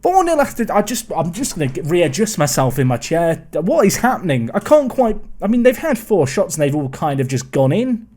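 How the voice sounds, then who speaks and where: A man's voice: high-pitched, sing-song, normal speed, few pauses, a little mellow. A man giving rambling, exasperated let's-play commentary while seated at his computer. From England. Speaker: gaming video creator.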